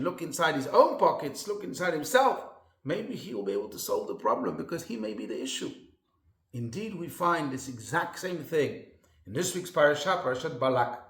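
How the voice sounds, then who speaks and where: A man's voice: sits high, fairly bright tone, echoey room. A man rabbi giving a sermon in an earnest storytelling manner with emphatic repetition.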